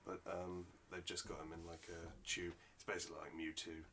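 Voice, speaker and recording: A man's voice: sits low, monotone, brisk, bright, forceful tone, slight background noise. A man co-hosting a casual podcast, teasing the others and explaining at length. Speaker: podcast co-host. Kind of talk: casual chat.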